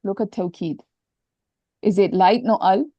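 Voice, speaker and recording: A woman's voice: mid-range voice, unhurried, no echo, highs cut off. A woman teaching an online grammar lesson, explaining step by step and patiently repeating the key points.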